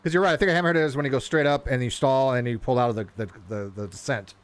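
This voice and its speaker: A man streaming a flight simulator, talking casually and rambling as he flies, often stumbling over his words and getting excited. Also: medium pitch, rapid-fire. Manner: rambling, self-interrupting, excitable. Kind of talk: casual live gameplay commentary.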